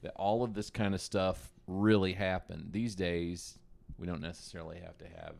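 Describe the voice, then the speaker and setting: Deep-voiced father chatting about films. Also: normal speed, gravelly. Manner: jokey, self-deprecating, relaxed. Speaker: podcast co-host, father. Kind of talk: casual chat.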